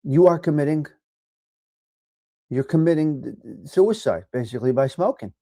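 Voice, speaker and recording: A middle-aged man with a New York accent hosting a casual live chat, giving blunt, profane tough love to viewers and swinging from low mutters to loud outbursts. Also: animated, moderate pace, vocal fry, no room sound, studio quality. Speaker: livestream host reading chat.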